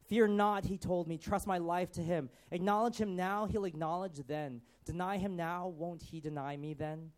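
A man's voice: high voice, fairly even intonation, moderate pace, few pauses, voice pushed up, lightly acted. A man reading a rhymed poem in the voice of a guilt-stricken male disciple who begs for mercy. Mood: remorseful. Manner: rhymed, pleading poetic recitation.

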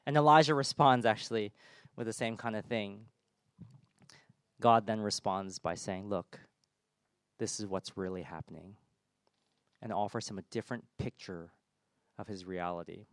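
A man preaching a sermon in church, his voice swelling loud on big points and dropping soft on gentle ones. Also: fairly low pitch, normal speed, smooth, no room sound, studio quality.

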